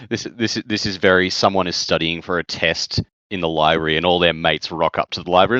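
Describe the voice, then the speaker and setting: Low-voiced man, dry muffled audio. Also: steady tone, brisk, hardly any pauses, pushed and bright, smooth, dry recording. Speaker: podcast co-host. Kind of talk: casual book-discussion chat.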